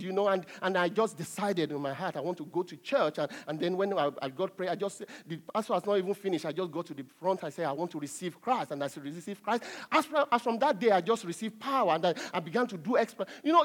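High-voiced emphatic male preacher. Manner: emphatic preaching, drops to soft asides, chuckles. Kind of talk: sermon.

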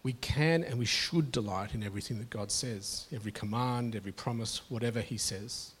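A man's voice: mid-range voice, fairly quick, slight background noise. A middle-aged man preaching a sermon to his congregation in an earnest, conversational way, often restarting his phrases. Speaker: pastor.

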